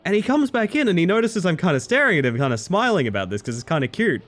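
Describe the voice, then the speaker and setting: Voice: medium pitch, sing-song, quick pace, fairly bright tone. A streamer chatting casually and telling a rambling personal story to their live viewers, with lots of fillers.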